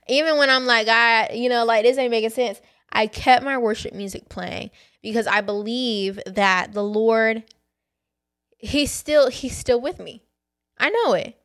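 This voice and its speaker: A woman's voice: a little high, fairly bright tone. A woman hosting a faith podcast, candidly telling a personal story and talking straight to her listeners. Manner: candid and conversational, addresses listeners as y'all. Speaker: podcast host.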